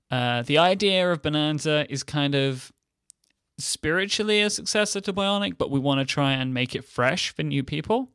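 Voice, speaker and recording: Young male co-host, deadpan and rambling, dry close mic. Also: on the high side, clear, resonant tone, dry recording. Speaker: podcast co-host. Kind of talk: casual banter.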